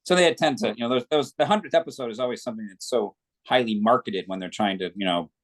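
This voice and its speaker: A man's voice: medium pitch, fast. A man, a guest actor, chatting casually in an interview and telling long anecdotes.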